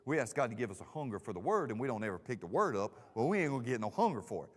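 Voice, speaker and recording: A man teaching a Bible study as pastor, telling the story with lively acted-out voices. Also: medium pitch, very fast. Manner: animated storytelling, acts out characters. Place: church sanctuary. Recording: long church hall reverb.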